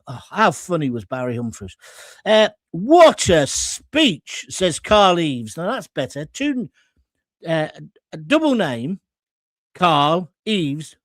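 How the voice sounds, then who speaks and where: A blunt man hosts a live stream, reading viewer comments aloud and firing back jokes and jabs. His voice sits high and swings widely in pitch. The sound is close and dry. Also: no echo. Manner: blunt, combative and jokey. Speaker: host.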